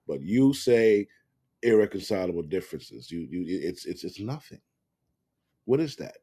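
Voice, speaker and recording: A man's voice: sits low, sing-song, moderate pace, mellow, breathy edge. A man giving blunt, profane commentary to camera, rambling with restarts.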